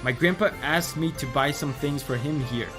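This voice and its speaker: A man's voice: a little high, normal speed, music in the background, close to an everyday voice. A man reading aloud the lines of a shy, insecure young boy who thinks he's a frog, keeping close to his own voice. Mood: upset. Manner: reads game dialogue aloud in a mild, lightly acted tone.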